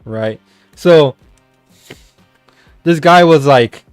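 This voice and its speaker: A man's voice: mid-range voice, normal speed, no echo, faint music behind. A man ranting in casual chat, rambling with many stammered restarts and casual swearing. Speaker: streamer. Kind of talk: casual rant.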